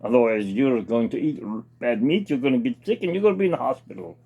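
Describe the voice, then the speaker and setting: A fast-talking, animated man hosts his own relaxed cooking demonstration at home, reading package steps aloud and chatting about them. His voice is mid-range and husky, with the highs cut off.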